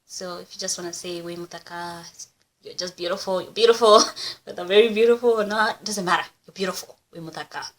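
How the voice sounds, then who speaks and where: A woman's voice: mid-range voice, fast, slight background noise, low-quality recording. A young woman, chatting playfully in a casual language vlog and laughing often. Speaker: vlogger.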